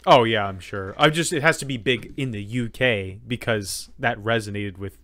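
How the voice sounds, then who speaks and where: A man's voice: fairly low pitch, moderate pace, a bit bright, dry recording. Joking, rambling man on a dry mic. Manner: joking, rambling, lots of fillers and restarts. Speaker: podcast co-host. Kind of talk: casual chat.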